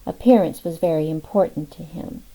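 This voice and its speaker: A woman reads an audiobook in a measured, expressive way. Her voice is mellow and sits a little low. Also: low-quality recording. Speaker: audiobook narrator. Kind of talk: scripted narration.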